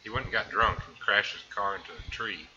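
Dry, lower-voiced man cracking quips. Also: brisk, sharp tone, muffled recording, slight background noise. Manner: dry, contrarian quips and corrections. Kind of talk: casual movie chat.

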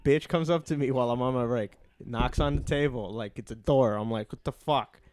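Young man, podcast co-host, laughing anecdotes, mid pitch, dry close sound. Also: a little fast, darkish tone, no echo. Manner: laughs often, swears, tells work anecdotes. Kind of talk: casual storytelling chat.

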